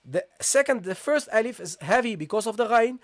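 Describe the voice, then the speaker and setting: A recitation teacher giving a live-streamed online lesson, explaining step by step, checking understanding with a frequent "okay?" and slowly sounding out letters to demonstrate. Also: mid-range voice, expressive, no room sound, studio quality.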